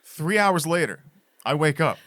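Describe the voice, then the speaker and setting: Man co-hosting a podcast, lively storytelling, bright slightly high voice, laughs a lot. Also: a little slow, no echo, studio quality. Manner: animated, laughs through his story. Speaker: podcast co-host. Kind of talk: storytelling in casual chat.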